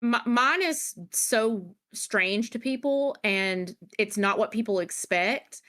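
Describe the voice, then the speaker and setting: A woman's voice: a little high, expressive, takes it slowly, fairly bright tone. A woman co-hosting a live stream, telling stories in a chatty, laid-back way. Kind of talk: casual stream chat.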